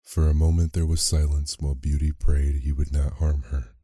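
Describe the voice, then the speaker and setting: A man narrating a bedtime sleep story in a slow, soft, measured way. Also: a bass voice, little pitch movement, breathy edge, dry recording, studio quality.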